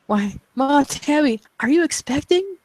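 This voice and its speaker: A woman player in a tabletop game, talking excitedly in character. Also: high voice, no room sound. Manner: excitable, expressive in-character talk.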